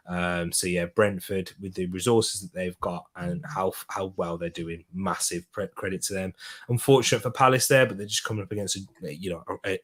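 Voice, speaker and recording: A man's voice: on the low side, fairly bright tone. A man from the UK hosting a casual football preview show, chatting through predictions and reading out viewers' picks. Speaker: football podcast host.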